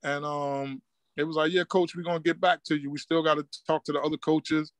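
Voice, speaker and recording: Newark coach guy, chill and chatty, kinda high voice. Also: little pitch movement, brisk, dry recording. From Newark, New Jersey. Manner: laid-back street talk, acts out quoted dialogue. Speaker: high school basketball coach, guest. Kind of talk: casual storytelling interview.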